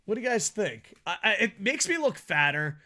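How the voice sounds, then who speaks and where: Podcast co-host, male, bright animated voice, rowdy banter with lots of laughing and swearing. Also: sits high, moderate pace. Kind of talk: casual podcast chat.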